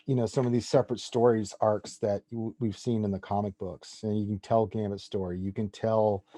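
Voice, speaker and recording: A man's voice: on the low side, little pitch movement, brisk, dark tone, no echo. A man in his forties, a podcast guest, talking with eager, rambling enthusiasm in casual chat. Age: 40s. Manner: enthusiastic comic-book fan, rambling.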